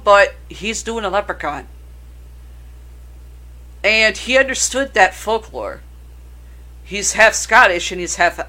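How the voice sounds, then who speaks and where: A woman's voice: medium pitch, sharp tone. A woman co-hosting a casual chat about horror films, rambling and swearing freely. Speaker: podcast co-host.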